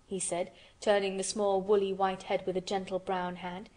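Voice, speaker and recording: A woman narrating an audiobook of a classic children's novel in a steady, measured reading. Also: mid-range voice. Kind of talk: scripted narration.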